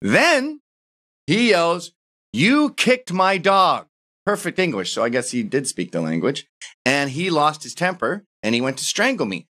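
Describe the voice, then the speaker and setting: Man reading a story aloud, lively pitch. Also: normal speed. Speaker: podcast co-host reading a listener story.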